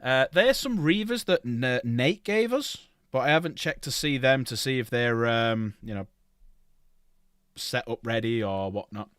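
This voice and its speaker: A man's voice: mid-range voice, expressive, a little slow, fairly bright tone, clear, resonant tone, no echo. Man, casual livestream chat, rambling, self-correcting, mid-range voice, dry sound. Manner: rambling, self-correcting, lists items aloud. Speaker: streamer.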